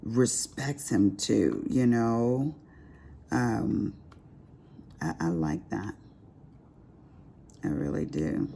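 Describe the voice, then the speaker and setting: Chatty woman with a gravelly voice. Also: extremely low pitch, very slow, long pauses, slight background noise. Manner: chatty, expressive, calls listeners honey. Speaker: diamond painting vlogger. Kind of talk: casual chat while crafting.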